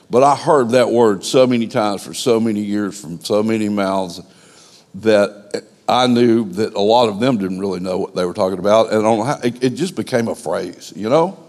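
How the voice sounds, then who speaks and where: A man preaching an informal sermon, conversational and animated, with stammering restarts. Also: lowish voice. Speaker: pastor.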